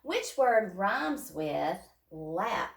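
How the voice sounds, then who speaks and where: A woman's voice: medium pitch, big pitch swings, very slow, gravelly, distant mic. A woman teacher leading young children through a phonics lesson, sounding out words step by step. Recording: echoey room, voice off-mic.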